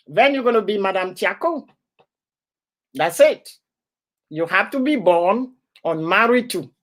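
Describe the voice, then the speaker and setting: A woman's voice: on the high side, fairly bright tone. A woman from Ivory Coast hosting a casual live stream, often laughing and greeting viewers by name. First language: an Ivorian language.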